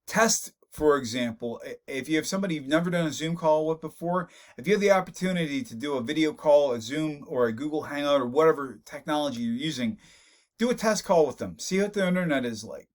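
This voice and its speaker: A male instructor delivers a recorded online lecture on public speaking. His voice sits a little higher than most men's. He talks loosely and conversationally, doubling up words as he thinks. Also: expressive, brisk.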